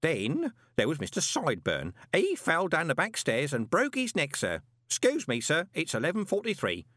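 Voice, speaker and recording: A man's voice: fairly high pitch, huge pitch swings, moderate pace, a bit bright, no echo, clean studio sound, voice pushed up, exaggerated voice. A man voicing a fussy old male postal worker who babbles and quavers. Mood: babbling. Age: older.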